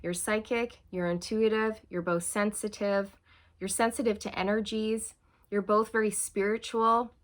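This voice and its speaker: A woman with a voice of ordinary, middling pitch reads tarot for an unseen audience. She talks in an earnest, reassuring way and keeps checking in with "okay" and "you guys". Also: little pitch movement, a little slow. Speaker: tarot reader. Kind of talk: channeled tarot reading to viewers.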